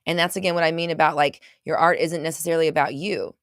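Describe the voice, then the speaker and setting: A woman's voice: low-pitched, fairly even intonation, quick pace, clear, resonant tone, dry recording, studio quality. A woman hosting a casual motivational livestream, reading viewer comments aloud and answering them in an emphatic, gushing way, repeating herself and swearing now and then. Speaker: livestream host.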